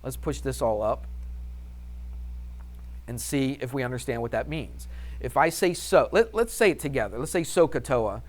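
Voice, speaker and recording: A male math teacher leads a classroom lesson with an upbeat, chatty manner. He keeps tossing questions to the class and then answers them himself. His pitch sits in the usual middle range for a man. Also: animated, normal speed, pauses often.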